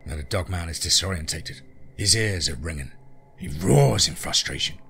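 A man's voice: deep voice, lively intonation, normal speed, creaky, bright, forceful tone, a little hiss or hum. A man narrating a scripted horror story in a dramatic, tense present-tense reading.

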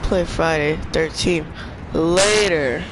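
A young man streaming a video game, chatting in slang and yelling at the game when things go wrong. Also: fairly high pitch, takes it slowly. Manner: excitable, trash-talking slang, yells at the game. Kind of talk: casual gaming commentary. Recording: noisy game sound underneath.

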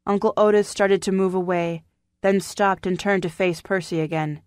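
A woman narrating a historical novel audiobook in a measured, even storytelling manner. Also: mid-range voice, clean tone, no echo. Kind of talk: scripted narration. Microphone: studio microphone.

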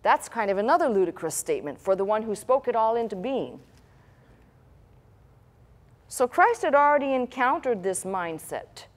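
A woman's voice: on the high side, very animated, normal speed, pauses often. A woman pastor delivering a sermon in a conversational style, with rhetorical questions and asides.

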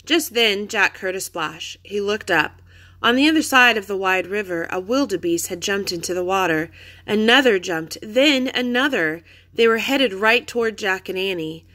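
Bright woman reading a storybook aloud. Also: medium pitch, normal speed. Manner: clear, expressive storytelling. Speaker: reader. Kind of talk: reading a children's chapter book aloud.

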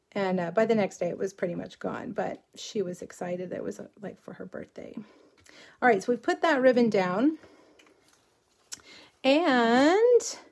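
A middle-aged woman from South Texas with a slightly higher voice. She chats loosely while crafting live on camera, drifting into stories and reading viewers' comments aloud. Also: darkish tone. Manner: chatty, rambling, reads viewer comments aloud while working. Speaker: crafting livestream host. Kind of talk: casual crafting livestream chat.

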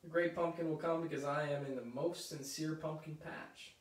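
A man's voice: on the high side, fairly even intonation, normal speed, roomy sound, distant mic, slight background noise, pitched above the performer's own voice, natural voice. A man voicing an earnest little boy from a storybook in a sincere, insistent way.

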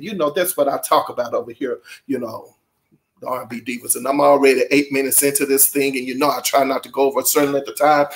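High-voiced chatty man hosting. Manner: chatty, addresses viewers directly with asides; animated, urging and exclaiming. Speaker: channel host. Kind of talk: casual chat and reading a book aloud.

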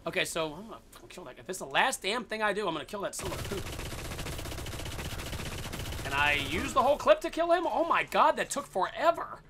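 A man giving excited, casual commentary on his own gameplay, swearing and yelling at the game. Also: high-pitched, fast talker, background noise. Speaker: gaming video host.

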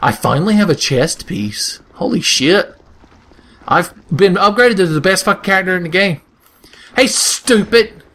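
A man's voice: high-pitched, lively intonation, moderate pace, fairly bright tone. A young man giving casual, joking gameplay commentary with crude humor, often slipping into silly voices. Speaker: let's play host.

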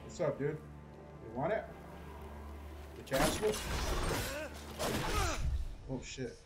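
A man doing casual, excitable gameplay commentary as a streamer, chatty and cursing at enemies. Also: a little high, takes it slowly, over loud music. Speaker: gaming streamer.

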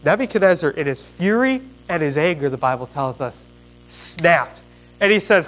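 A man preaching a sermon in a high-pitched voice. He retells a Bible story with folksy, animated energy, dropping casual slang as he talks to his congregation. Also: moderate pace, poor audio.

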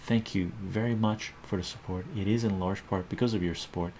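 A man's voice: low voice, steady tone, brisk, darkish tone, a little hiss or hum. A man hosting a casual live stream, chatting with his viewers, laughing often and reading their comments aloud.

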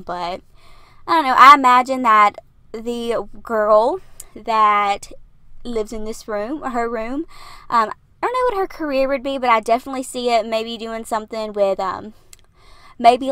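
A young woman records a casual, rambling voiceover from her parked car, short of breath and laughing between thoughts. Her voice sits a little high. The sound is dry and close, with no room around it. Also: fairly bright tone, smooth, no echo. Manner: chatty, rambling, laughs often. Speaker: YouTuber narrating a build video.

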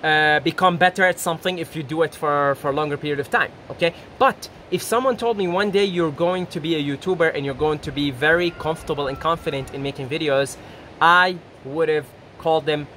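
This self-help YouTuber talks fast with few pauses, his voice on the high side, in a casual, rambling motivational piece to camera. He's animated, laughs often, and voices little quotes, against slight background noise.

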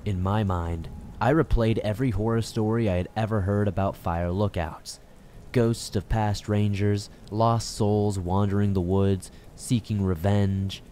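A man narrating a scripted horror story in a measured, dramatic way. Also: on the low side, fairly even intonation, mellow, slight background noise.

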